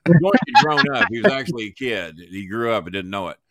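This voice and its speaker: A man tells an extended, animated story on a podcast, cursing freely and doing voices for each person involved. His pitch swoops wildly around a mid-range, his pace is brisk, and crowd noise can be heard.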